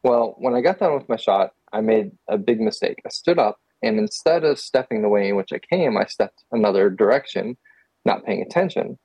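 Man, from Texas, casual storytelling, husky mellow voice, dry close sound. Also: lowish voice, fairly quick, no room sound, poor audio. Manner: animated, laughing, many fillers. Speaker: guest photographer.

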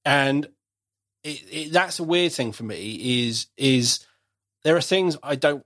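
A man's voice: medium pitch, expressive, moderate pace, a bit bright, no echo. Dry-voiced chatty man. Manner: chatty, self-deprecating, frequent restarts. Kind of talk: casual conversational chat.

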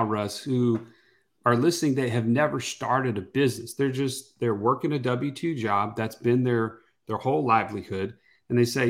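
A man's voice: medium pitch, creaky. A man co-hosting a podcast in an upbeat, conversational way. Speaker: podcast co-host. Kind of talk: podcast promo and chat.

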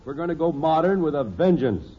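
A man's voice: on the high side, animated, fairly quick, slightly rough, lo-fi sound. An actor playing a playful, mock-serious father in a radio sitcom. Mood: teasing. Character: teasing, good-humored father Jim. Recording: old radio broadcast with studio audience.

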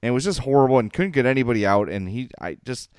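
Chatty podcast guy, voice bounces all over, smooth clean sound, dry close mic. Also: mid-range voice, lively intonation, fast, darkish tone, no room sound. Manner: chatty, rambling storyteller who laughs easily. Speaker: podcast co-host. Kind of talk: casual sports podcast chat.

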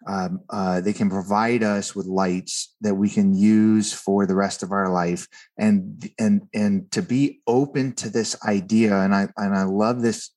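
A man's voice: on the low side, a little mellow. A man, a guest and author, telling a personal story in an earnest conversational way, often repeating words as he starts a thought.

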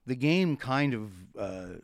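A man's voice: mid-range voice, expressive, slow, dry recording, studio quality. Middle-aged man telling rambling stories. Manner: rambling storyteller who laughs often. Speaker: retired hockey coach, guest. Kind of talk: casual podcast interview.

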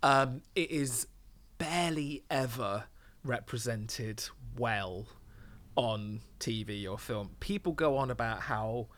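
In a mid-range, fairly bright voice, a podcast host takes his time, chatting casually and rambling with frequent fillers and restarts.

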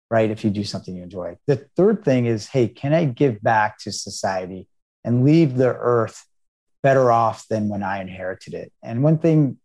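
A man's voice: medium pitch, a little mellow. A middle-aged American man, a startup founder, giving earnest storytelling answers in an interview. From United States.

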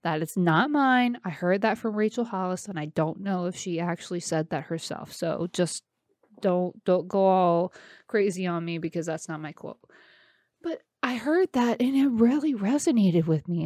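A woman's voice: mid-range voice, expressive, moderate pace, a little mellow, no echo, clean studio sound. A woman in her thirties talking casually and encouragingly, speaking straight to her listeners. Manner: chatty, encouraging, addresses listeners directly. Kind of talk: casual self-care talk.

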